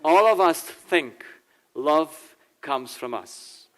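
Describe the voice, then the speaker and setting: An older German-speaking family therapist addresses a church audience in English, laughing as he animatedly acts out little dialogues in changing voices. His voice runs on the high side, and he draws out his words in this informal talk full of acted quotes.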